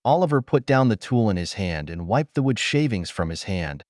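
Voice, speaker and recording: A man narrating a dramatic story in an even, unhurried way. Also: lowish voice, no room sound, studio quality.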